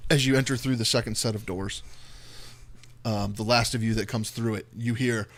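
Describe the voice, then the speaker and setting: A man's voice: fairly low pitch, fairly even intonation, a bit bright. Man narrating as dungeon master. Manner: slow, descriptive scene-setting narration. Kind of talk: narrating a tabletop game.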